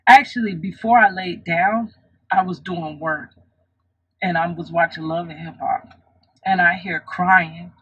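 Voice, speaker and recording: A woman's voice: on the low side, steady tone, unhurried, breathy edge, highs cut off. A woman vlogger telling a personal story in an earnest, reflective way, often restarting her sentences.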